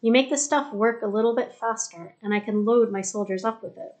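Brisk commanding colonel a woman reads, quick and firm. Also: fairly high pitch, a little mellow, lightly acted. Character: brisk male army colonel. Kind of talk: audiobook character reading.

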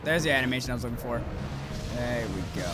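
A man giving profane, excitable commentary while playing a video game, yelling at the monsters. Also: mid-range voice, quick pace. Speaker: let's play gamer. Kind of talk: gameplay commentary. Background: game music.

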